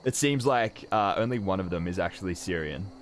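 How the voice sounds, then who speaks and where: A man narrating as game master for a tabletop role-playing game, relaxed and hesitant with frequent fillers. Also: low-pitched, a little fast. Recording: faint background noise.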